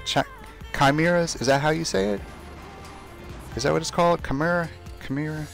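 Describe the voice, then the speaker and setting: A man's voice: on the high side, fairly quick, vocal fry, soft background music. A young man chatting casually as he streams a game, talking to himself and trash-talking opponents. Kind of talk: casual live gameplay commentary.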